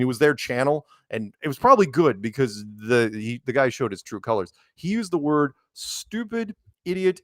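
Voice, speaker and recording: A man's voice: mid-range voice, a bit bright, dry recording, studio quality. A man talking as a guest in a casual, rambling chat, laughing often.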